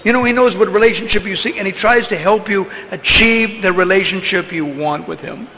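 A man's voice: high voice, brisk, pushed and bright. A man giving an informal religious talk as a spiritual teacher, rambling and conversational, with lots of "you know" and chuckles. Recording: echoey hall, dull lo-fi with faint noise.

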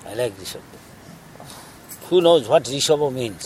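Man, spiritual teacher, storytelling sermon, lively pitch, faint vehicle noise. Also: normal speed. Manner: animated, laughing, questions the audience.

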